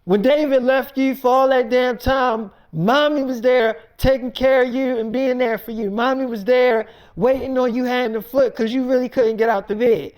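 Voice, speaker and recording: A woman's voice: on the high side, moderate pace, a little mellow, close to an everyday voice. A woman voicing an indignant young woman who scolds her sister with heavy swearing in an improvised story. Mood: angry.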